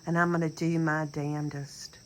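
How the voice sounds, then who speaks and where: A woman's voice: low-pitched, level tone, moderate pace, a little hiss or hum, poor audio. A middle-aged woman with a Southern accent in an emphatic, rambling monologue that sometimes sinks to a near whisper. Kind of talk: personal monologue rant.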